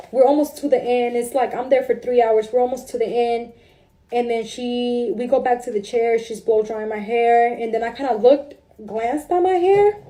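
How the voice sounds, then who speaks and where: A woman's voice: a little high, warm tone. A woman casually telling a story about a salon visit, emotional and informal, calling listeners "bro". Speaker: salon client. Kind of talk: storytime recounting.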